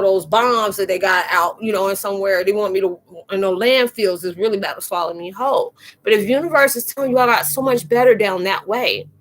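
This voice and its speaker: A woman hosting a casual live-stream spiritual chat, talking in a slangy, animated way and laughing often. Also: mid-range voice. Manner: chatty and animated, laughing and acting out quoted exchanges; slangy, informal phrasing.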